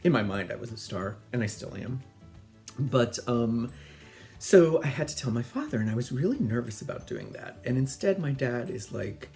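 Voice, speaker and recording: Middle-aged male host, chatty storyteller, mid pitch, very lively intonation. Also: normal speed, gravelly, faint music behind. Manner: animated, chatty, laughs often. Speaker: podcast host. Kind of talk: casual storytelling.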